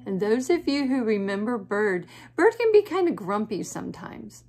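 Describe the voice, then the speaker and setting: A teacher reading a picture book aloud to children, gentle and soothing with whispery asides. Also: female voice, fairly high pitch, very animated, normal speed.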